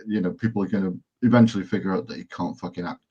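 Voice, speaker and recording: A man's voice: low voice, steady tone, rapid-fire, warm tone, breathy edge, muffled recording. A man co-hosting a casual podcast, sardonic and profane, often murmuring agreement. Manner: sardonic, frequent backchannel agreement, swears. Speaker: podcast co-host. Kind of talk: casual chat.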